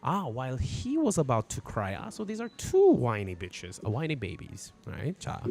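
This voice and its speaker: A man's voice: mid-range voice, huge pitch swings, moderate pace, hardly any pauses, darkish tone. A man teaching a casual, irreverent language lesson on a live stream from outdoors, swearing freely as he explains. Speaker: Korean teacher.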